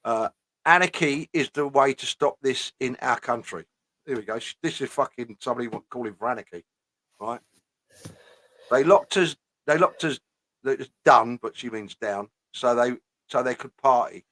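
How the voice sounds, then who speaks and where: A man's voice: mid-range voice, normal speed, pushed and bright, no room sound. A man hosting a live online chat, talking bluntly and swearing often as he rants and reads out posts. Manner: blunt, swears often, repeats "you know what I mean". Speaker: host. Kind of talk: casual chat, ranting.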